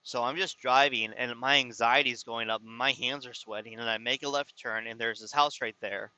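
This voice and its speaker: A man's voice: mid-range voice, steady tone, brisk, sharp tone, no room sound, lo-fi sound. A man telling a personal story to his viewers in a casual, rambling way, often exasperated and restarting his sentences. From California. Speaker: vlogger.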